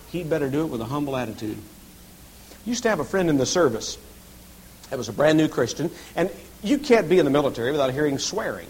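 Husky preacher swinging loud to hushed. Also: male voice, fairly high pitch, big pitch swings, brisk, rough recording. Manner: dramatic swings from shouting to whispering. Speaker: pastor and police chaplain. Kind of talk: sermon.

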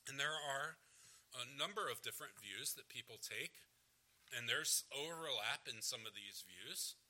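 Emphatic preacher with a bright voice. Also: male voice, mid-range voice, expressive, unhurried, rough recording. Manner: emphatic preaching, repeats key words for stress. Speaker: pastor. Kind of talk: sermon.

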